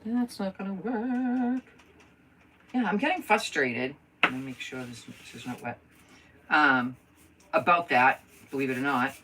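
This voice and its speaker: Chatty low-voiced woman crafting live. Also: expressive, normal speed, sharp tone, far from the mic, a little hiss or hum, poor audio. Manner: chatty, thinks aloud while working and greets viewers. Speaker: crafter hosting a live stream. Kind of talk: casual live crafting chat.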